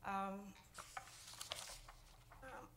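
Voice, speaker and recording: Resident at the mic: emotional, halting woman, lots of fillers. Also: background noise. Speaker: resident speaking at public comment. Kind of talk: public comment at a council meeting.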